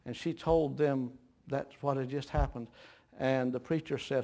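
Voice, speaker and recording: A middle-aged man preaching a sermon in a folksy storytelling way, dropping to a hush and then rising to a shout. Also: mid-range voice, steady tone, brisk, gravelly.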